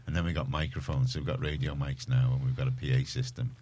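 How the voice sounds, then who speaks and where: Very deep-voiced Liverpool radio host. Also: male voice, level tone, fast talker, darkish tone. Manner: rambling, chatty, self-mocking. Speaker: radio presenter. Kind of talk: casual community radio chat. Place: radio studio.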